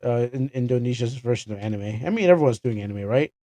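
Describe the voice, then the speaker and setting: A man's voice: mid-range voice, expressive, quick pace, warm tone, no room sound. A young Canadian man chatting casually on a game livestream, rambling and correcting himself with chuckling asides. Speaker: streamer.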